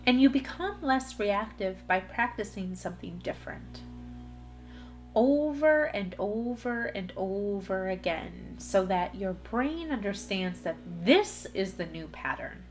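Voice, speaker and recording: A woman's voice: medium pitch, lively intonation, unhurried, soft background music. A woman hosting a solo podcast, talking earnestly in a coaching way straight to her listeners. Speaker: podcast host. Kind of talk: solo motivational podcast talk.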